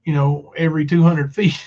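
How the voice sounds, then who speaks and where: A man's voice: on the high side, level tone, normal speed, mellow, muffled recording. A man hosting a casual livestream, rambling with many fillers and reading viewer comments aloud. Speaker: livestream host.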